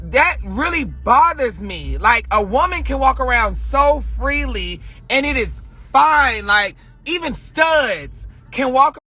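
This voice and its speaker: A young male vlogger rants heatedly and emphatically at his viewers from a parked car, filmed on a phone camera. His very high voice is bright, husky and forceful, and he swears often while addressing the audience directly.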